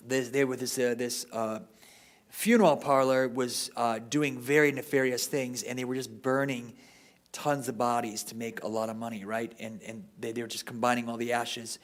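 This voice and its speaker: A man giving an informal history lecture at a parish, talking off the cuff and often ending sentences with "right?". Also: medium pitch.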